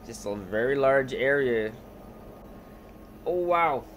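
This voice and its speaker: Slow laid-back young male streamer. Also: medium pitch, lively intonation, fairly bright tone, a little hiss or hum. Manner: laid-back, mumbling to himself, greets chat. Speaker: game streamer. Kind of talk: casual live-stream commentary.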